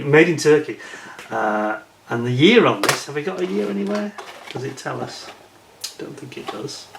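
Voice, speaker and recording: A man's voice: medium pitch, vocal fry. A man casually reviewing a model kit as he unboxes it, chatting and muttering asides to himself. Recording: echoey room with faint noise.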